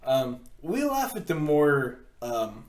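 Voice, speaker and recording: A man co-hosting a podcast, telling stories in a casual, animated way and laughing often as he acts out quotes. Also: on the high side, slow pace. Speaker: podcast co-host. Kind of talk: casual storytelling chat. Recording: roomy echo.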